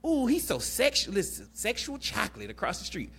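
A man voicing a sassy, flirty woman best friend in a retold movie scene, loud and teasing. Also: high-pitched, huge pitch swings, a little fast, vocal fry, slight background noise, pitched above the performer's own voice, exaggerated voice.

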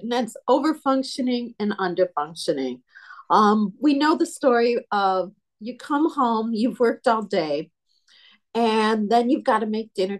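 A woman who is a pastor and mediator, leading a panel discussion and telling stories with lots of expressive emphasis. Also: on the high side. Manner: animated storyteller, voice rising with emphasis.

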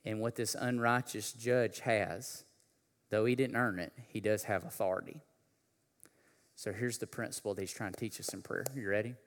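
A man preaching a sermon, talking casually with slang, then building to a loud, impassioned delivery. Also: on the low side, steady tone, moderate pace, long reverb tail. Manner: builds from conversational to shouting preacher intensity. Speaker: pastor.

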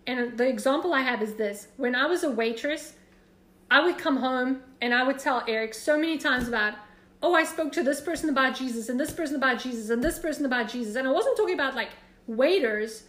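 A woman with a high voice teaches a church class. She gives direct, encouraging instruction. The room around her sounds echoey. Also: a little fast, fairly bright tone.

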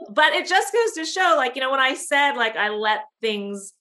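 A woman, a film producer being interviewed, telling stories in an animated way with many fillers. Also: high-pitched, normal speed. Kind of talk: conversational interview.

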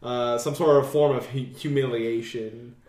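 A man's voice: medium pitch, steady tone, moderate pace, darkish tone. Swearing young man, echoey room. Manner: profane, rambling with fillers. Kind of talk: casual chat.

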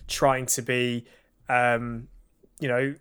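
A man's voice: medium pitch, little pitch movement, extremely slow, a bit bright, smooth. A man co-hosting a podcast in casual chat, answering listener questions conversationally. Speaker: podcast co-host.

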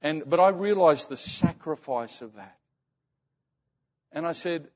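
A man's voice: a little high, muffled recording. Earnest man preaching in a hall. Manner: earnest, often hushed and slow when quoting. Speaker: pastor. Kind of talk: sermon storytelling.

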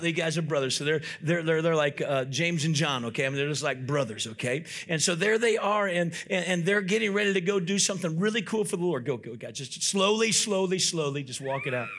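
A man preaching a sermon as pastor, with fervent emphatic delivery that swings from loud outbursts to quieter asides and acts out little scenes. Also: a little high, fast, hardly any pauses. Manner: fervent preaching with repetitions and rising emphatic shouts.

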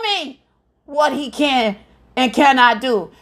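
Fervent high-voiced woman preaching slowly. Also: a bit bright. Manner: fervent, repeats phrases, exclaims hallelujah. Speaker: evangelist podcast host. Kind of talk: devotional sermon.

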